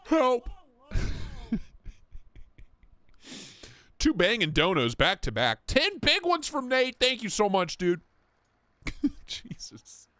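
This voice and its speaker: A man's voice: extremely high pitch, very animated, takes it slowly, pauses often, bright, forceful tone, no room sound. A man hosting a casual livestream, joking crudely, laughing a lot and reading out donations. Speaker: livestream host.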